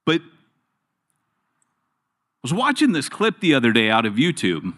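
A man's voice: medium pitch, moderate pace. A middle-aged man preaching a sermon in a church, telling jokes and stories as he goes. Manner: joking, storytelling, animated. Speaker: guest preacher.

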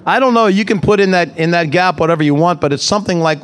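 A man preaching a conversational sermon at a church service. His voice sits a touch high for a man, and he keeps turning to the congregation with questions as he explains the text. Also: fast talker, few pauses. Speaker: pastor.

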